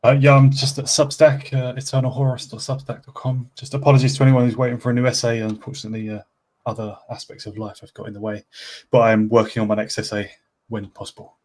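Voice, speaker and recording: A man speaking as a guest on a livestream. He talks fast in a flat, even tone, brisk and a little apologetic. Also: mid-range voice. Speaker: guest writer. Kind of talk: casual livestream chat.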